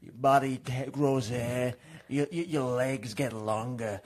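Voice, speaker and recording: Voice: fairly even intonation, slow pace, close to an everyday voice. Someone doing a menacing Italian-American tough boy. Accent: northeastern US Italian-American. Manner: low, growling tough-guy menace. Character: boy just hit puberty, menacing, bloodthirsty.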